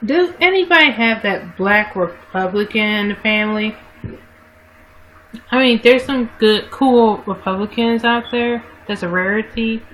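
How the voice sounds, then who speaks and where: A woman's voice: on the high side, a little slow, fairly bright tone, a little hiss or hum, low-quality recording. A woman vlogger talking casually to her livestream viewers into a webcam mic, rambling and often correcting herself. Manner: rambling, frequent self-corrections and restarts.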